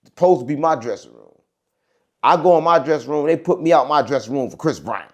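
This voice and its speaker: A man's voice: a little high, fairly quick. A man hosting his own show, telling a rambling story in a casual monologue and checking in with his audience as he goes. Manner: rambling, repeats "right?" and "gang", animated. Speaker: show host.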